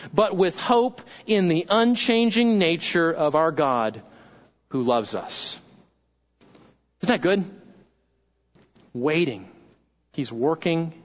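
Male pastor with a high voice, preaching conversationally, on a dull lo-fi recording. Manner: conversational, asks the congregation questions. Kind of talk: sermon.

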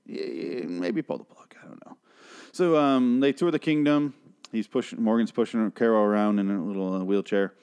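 A man casually recapping a TV episode, swearing freely and acting out characters' lines in quick put-on voices. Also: on the low side, a little mellow, clean tone.

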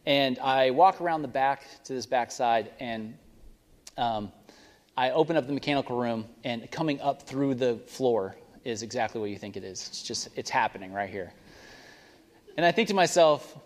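A man's voice: mid-range voice, normal speed. A young adult male pastor giving a casual, rambling sermon story and prayer, often stopping to correct himself. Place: church sanctuary. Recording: long reverb of a church hall.

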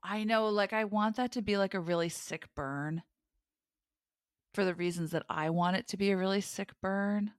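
A woman's voice: mid-range voice, normal speed, clean tone, no room sound, studio quality. A woman co-hosting a casual podcast chat, playful and enthusiastic, laughing often. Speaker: podcast co-host.

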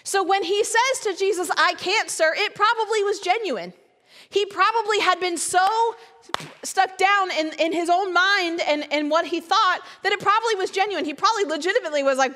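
A woman's voice: extremely high pitch, moderate pace, sharp tone, long reverb tail. A woman guest speaker giving a conversational sermon, full of rhetorical questions and acted-out inner voices. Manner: acts out imagined inner voices.

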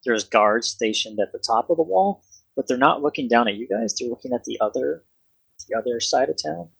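A game master narrating a tabletop game in a relaxed, hesitant way with many pauses. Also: mid-range voice, gravelly, slightly rough, no echo, low-quality recording.

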